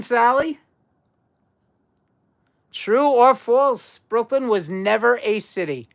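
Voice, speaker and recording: A woman's voice: mid-range voice, expressive, slow pace, pauses often. A woman hosting a casual live-stream trivia quiz, chatty and repeating herself as she talks to viewers. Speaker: livestream trivia quiz host.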